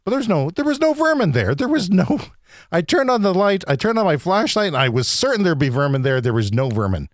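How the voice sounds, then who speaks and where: A man hosting a podcast, delivering an agitated, profane comedic rant that swings between loud outbursts and low muttering. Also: sing-song, fairly quick, dry recording, studio quality. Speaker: podcast host. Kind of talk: ranting comedic monologue.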